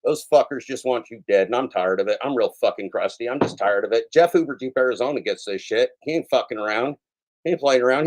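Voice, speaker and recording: A daily-show host with a medium-pitched voice launches into a fast, casual, profane rant, swinging between yelling and soft apologies.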